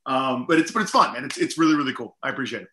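A man's voice: mid-range voice, lively intonation, rapid-fire, sharp tone, reverberant, slight background noise. A middle-aged man, a comedian guest, telling stories in a rambling, self-deprecating way full of "like" and "you know". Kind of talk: casual storytelling interview.

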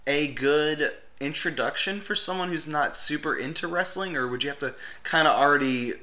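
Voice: medium pitch, normal speed, sharp tone. A podcast co-host in casual chat, amused and analytical.

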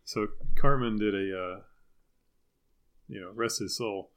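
A man's voice: on the low side, slow, a bit bright. A man co-hosting a podcast over a video call, chatting in a wry, self-deprecating way. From Deep South of the US. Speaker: podcast co-host. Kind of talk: casual chat.

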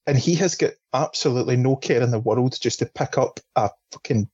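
A man's voice: mid-range voice, brisk, husky, no room sound. Guy ranting about movies, swears a lot, kinda lo-fi mic. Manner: animated, sweary storyteller. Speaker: film podcast panelist. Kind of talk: casual chat. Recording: dull lo-fi sound.

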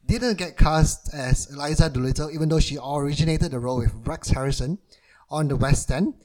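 A man's voice: on the high side, brisk, darkish tone, poor audio. A man co-hosting a film podcast, chatting casually and laughing often. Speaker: podcast co-host.

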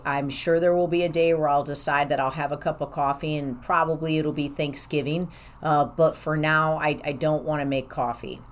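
A woman talking casually about her own life, rambling and candid. She acts out what she and others said. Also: deep voice. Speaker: professional who sees clients in an office. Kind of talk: casual personal storytelling.

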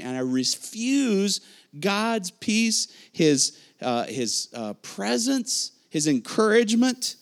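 Lively storytelling male preacher. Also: high voice, takes it slowly. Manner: lively storytelling, acts out reactions and quotes. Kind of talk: sermon.

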